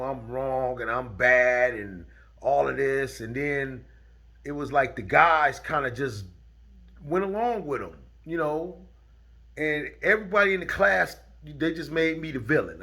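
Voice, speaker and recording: Middle-aged male storyteller, unhurried drawl with a bright edge, casual. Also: medium pitch, creaky. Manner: drawling, chuckling, gets heated and loud.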